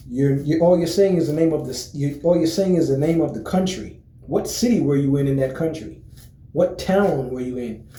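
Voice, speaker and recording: Rambling man with a dark echoey voice. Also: on the high side. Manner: rambling, many fillers and repeated restarts; relaxed, friendly greetings. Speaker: vlogger. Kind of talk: casual chat to camera.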